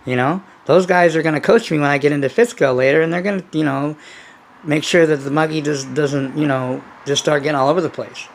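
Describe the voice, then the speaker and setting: Give me a man with a gravelly voice chatting loosely and profanely to his viewers. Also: on the high side, brisk, a little hiss or hum. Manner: loose and profane, refers to himself in third person. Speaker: RC hobby vlogger. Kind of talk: casual rambling chat to viewers.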